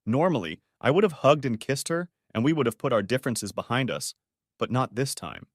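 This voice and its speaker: A man's voice: medium pitch, lively intonation, fairly quick, dry recording, studio quality. A man narrating a first-person audiobook story in a restrained, bitter tone.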